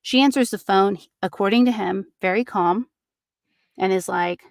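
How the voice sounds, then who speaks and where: A woman hosting a true crime podcast, retelling a case casually with many fillers and quick acted-out quotes. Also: mid-range voice, creaky, no echo, clean studio sound.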